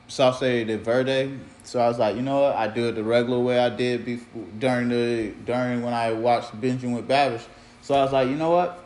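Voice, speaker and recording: Man, podcast host, casual rambling monologue, slangy, mid-pitched voice, echoey room. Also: a little mellow. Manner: loose storytelling with slang and restarts.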